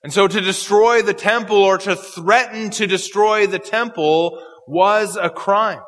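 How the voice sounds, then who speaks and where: A man preaches through a passage of scripture, stopping to read verses slowly and then explain them. His voice sits high and sounds bright. The sound rings with a long reverb, as in a large hall. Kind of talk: expository sermon.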